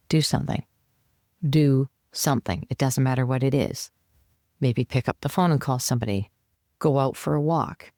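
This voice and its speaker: This woman, a coach guesting on a podcast, dispenses advice in lively conversation, even acting out her inner voice. Her extremely low, mellow voice comes through clean studio sound without any room tone.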